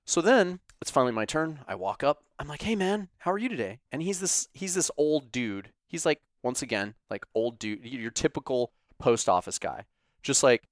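A man telling a casual, animated story, sarcastic and full of profanity. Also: mid-range voice, smooth, no echo, clean studio sound.

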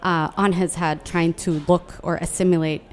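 A woman hosting a podcast, explaining in a lively casual chat with frequent restarts. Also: lowish voice, moderate pace, slight background noise. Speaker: podcast host.

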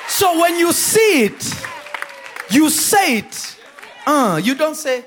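Preacher, high voice, animated shouted delivery over a responding crowd. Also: male voice, slow pace, a little hiss or hum. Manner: preaching with shouted bursts and acted-out quotes. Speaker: pastor. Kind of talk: sermon. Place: church before a congregation. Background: congregation responding.

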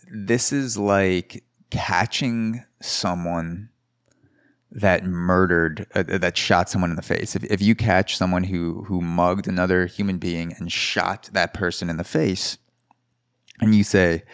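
Sarcastic deep-voiced male podcaster. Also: steady tone, unhurried, clear, resonant tone, no room sound, studio quality. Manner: sarcastic, rambling, with mock quotes. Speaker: podcast host. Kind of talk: solo comedic commentary.

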